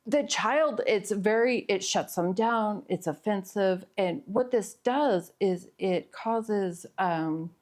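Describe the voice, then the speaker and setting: A middle-aged woman therapist giving an earnest, explanatory talk on parenting, with pauses and fillers. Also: mid-range voice, a little mellow. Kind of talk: educational talk to camera.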